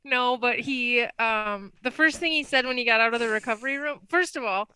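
A woman co-hosting a podcast, telling a story in a casual, animated way with lots of "like" and laughter. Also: fairly high pitch, a little fast, clean tone. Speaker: podcast co-host. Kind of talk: casual chat.

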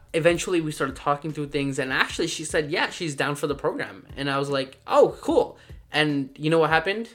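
A man's voice: on the high side, fairly bright tone. A young man casually telling a personal story, full of fillers like "like" and acting out voices in quotes. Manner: rambling, filler-heavy, acts out quoted dialogue.

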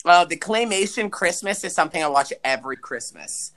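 A man co-hosting a podcast, chatting casually and swearing as he recaps a movie with big pitch swings for emphasis. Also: animated, brisk, a crowd in the background. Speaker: podcast co-host.

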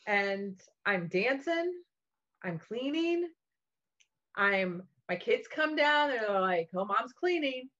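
A mother co-hosting a casual spiritual talk, telling lively stories full of fillers and casual swearing. Her voice sits a little high for a woman. The recording has a dull, lo-fi sound. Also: slow pace.

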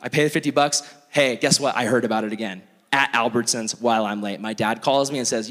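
Animated young pastor in a reverberant hall. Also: male voice, medium pitch, a little fast, hardly any pauses. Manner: animated, self-mocking, full of "like". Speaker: youth pastor. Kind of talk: storytelling sermon. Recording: long reverb of a large hall.

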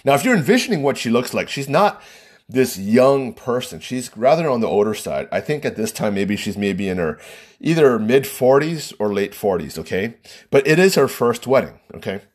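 Husky-voiced man telling a rambling story. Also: medium pitch, moderate pace. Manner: rambling, animated, laughs often, many fillers. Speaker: wedding photographer. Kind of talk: casual anecdote telling.

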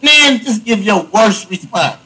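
Young guy hosting a chill podcast, high husky voice, keeps cracking up. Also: expressive, unhurried, poor audio. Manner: loud, laughing, crude storytelling. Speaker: podcast host. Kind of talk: casual podcast banter.

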